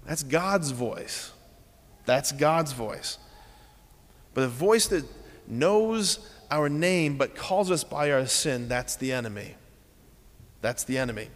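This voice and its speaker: A man's voice: on the high side, fairly bright tone, long reverb tail. A man preaching a sermon, earnest and repeating key phrases as he leads the congregation through simple exercises.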